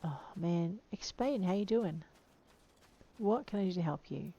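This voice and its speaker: Playful woman narrating a game, gravelly. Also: on the low side, animated, measured pace, dark tone, lo-fi sound. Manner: chatty, playful, talks to game creatures. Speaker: game player. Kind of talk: let's play commentary.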